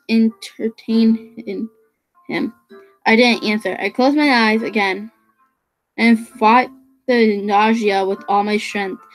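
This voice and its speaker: Casual reader: a woman with a raised pitch who trips over words while reading a novel aloud. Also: rough recording. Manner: stumbling over words, restarting phrases.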